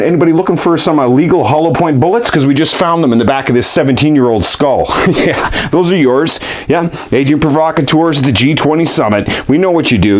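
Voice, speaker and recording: A man in a comedy sketch, ranting in a rambling way full of fillers and restarts, getting heated. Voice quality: lively swooping pitch.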